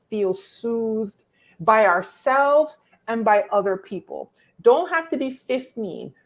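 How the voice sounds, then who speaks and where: A woman, hosting a casual live-stream coaching talk, reading viewer comments and answering them in an expressive, preacherly way. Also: mid-range voice. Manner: expressive and preacherly, teasing viewers by name, emphatic repetition.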